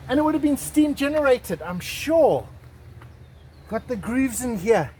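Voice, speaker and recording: High-voiced excitable man on a walking tour. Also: measured pace, slight background noise. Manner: excitable, jokey, mock salesman patter. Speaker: travel vlog host. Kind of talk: casual walking tour to camera. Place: outdoors on a garden estate.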